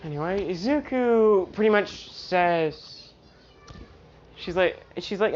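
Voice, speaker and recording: A woman's voice: medium pitch, animated, slow, a little mellow, highs cut off, a little hiss or hum. A woman improvising a fan-fiction story aloud, rambling with lots of restarts and fillers. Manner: rambling, full of "you know" and restarts.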